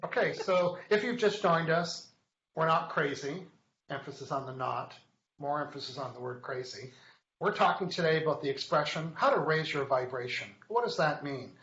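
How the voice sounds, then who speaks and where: A playful man hosts a live web show, joking and reading out viewer comments between teaching points. His voice sits a bit high for a man. The sound is echoey and a little dull, like a lo-fi webcast. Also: lively intonation, moderate pace, fairly bright tone. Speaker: host of a weekly live online show. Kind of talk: casual live-stream chat and teaching.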